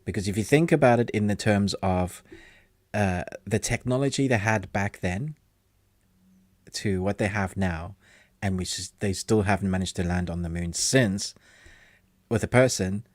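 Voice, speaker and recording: A man's voice: lowish voice, normal speed, no echo. A man co-hosting a casual movie chat, rambling and laughing easily. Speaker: podcast co-host.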